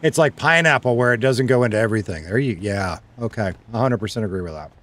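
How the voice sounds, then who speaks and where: A man's voice: fairly low pitch, fast talker, fairly bright tone. A man streaming a roleplay game, chatting casually with his chat and reading messages aloud. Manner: chatty, reads chat aloud, laughs easily.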